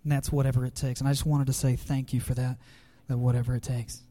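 A man's voice: medium pitch, level tone, quick pace, dark tone. A youth pastor, a man, giving a heartfelt farewell tribute at a church gathering, choked up with emotion and laughing nervously.

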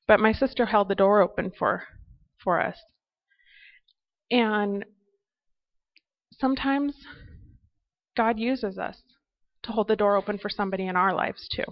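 Woman telling a lively faith story. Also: mid-range voice, unhurried, pauses often, muffled recording. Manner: animated storytelling with faith reflections. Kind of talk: personal faith testimony.

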